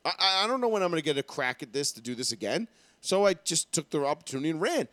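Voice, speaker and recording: Young male co-host, raised pitch, crude and lively, dry close sound. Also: fast, no room sound. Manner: profane, animated storytelling. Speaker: podcast co-host. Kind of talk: casual chat.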